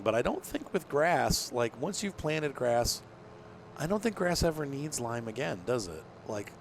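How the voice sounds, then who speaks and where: A man's voice: mid-range voice, background noise. A man casually commenting on his farming game, rambling and thinking aloud with lots of fillers, sounding tired and yawning. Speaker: gameplay commentator. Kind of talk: casual let's-play commentary.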